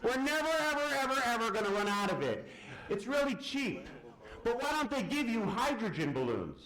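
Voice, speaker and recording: A man's voice: extremely high pitch, fairly quick. A man giving a live physics demonstration lecture, firing questions at the audience and answering them himself. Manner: lively, quizzes the audience and answers his own questions. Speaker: science lecturer. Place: large lecture hall. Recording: echoey lecture hall.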